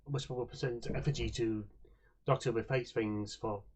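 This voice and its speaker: A man voicing Whisper, a small shy creature who speaks in halting, repetitive broken phrases. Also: medium pitch, fairly even intonation, a little mellow, a little hiss or hum, close to an everyday voice. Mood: earnest.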